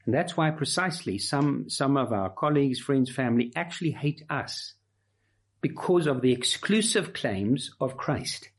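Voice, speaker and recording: Man, preacher, sermon, husky, lively pitch, emphatic repetition. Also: normal speed. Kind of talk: expository sermon.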